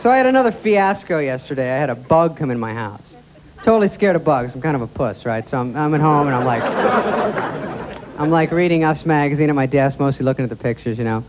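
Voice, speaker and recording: A young man with a high, nasal-free but light voice rattles through a sarcastic stand-up bit on a TV stage. He darts in and out of little put-on voices. The sound is dull, old television audio, with a loud, noisy studio crowd all around. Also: lively intonation, quick pace. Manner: sarcastic, jumpy, acts out voices. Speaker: stand-up comedian. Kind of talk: stand-up routine. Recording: dull early 90s TV audio with loud audience.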